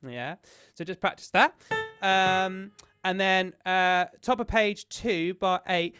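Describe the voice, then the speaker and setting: A man's voice: on the high side, measured pace, a bit bright, clean tone, dry recording, studio quality. A man leading a choir sectional rehearsal as music director. He explains the parts step by step and counts in the beats.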